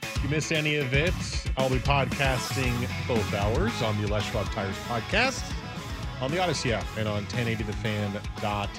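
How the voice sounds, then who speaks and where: A man's voice: medium pitch, animated, normal speed, loud music behind the voice. A man hosting a sports radio show, talking casually and rambling through thoughts with restarts.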